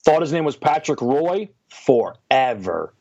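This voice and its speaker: A man's voice: mid-range voice, measured pace, creaky, no echo, muffled recording. A man guesting on a sports podcast, chatting casually and poking fun at himself. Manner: self-deprecating, animated.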